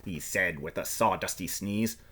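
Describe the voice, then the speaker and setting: A man performing a rhyming storybook aloud in the first person, playful and expressive. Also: deep voice, moderate pace, slightly rough.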